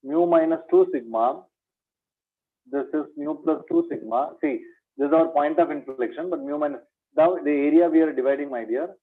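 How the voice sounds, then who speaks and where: A man's voice: fairly high pitch, moderate pace, husky. A man giving a maths revision lecture. He repeats each point as a question to his students and calls them "my dear". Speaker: maths teacher. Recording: tinny phone-like lo-fi sound.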